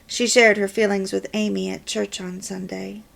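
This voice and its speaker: A woman reading a story aloud in a deliberate, measured way. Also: mid-range voice, flat delivery, vocal fry. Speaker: reader of a homemaking course.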